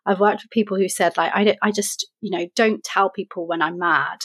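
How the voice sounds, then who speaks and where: On a casual podcast, a woman reflects on her emotional habits, explaining with examples and quoting her own self-talk. Her voice is fairly low and steady, fairly quick, a bit bright, with a breathy edge.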